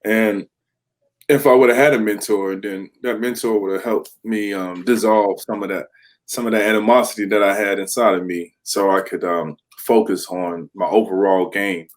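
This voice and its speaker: A man with a fairly low voice tells his stories with lots of energy. He is a podcast guest in his thirties, talking candidly about his football days and acting out what his teammates said to him. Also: normal speed. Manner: animated storyteller, acts out quoted teammates. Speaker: guest, former pro football player. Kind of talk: candid podcast interview, storytelling.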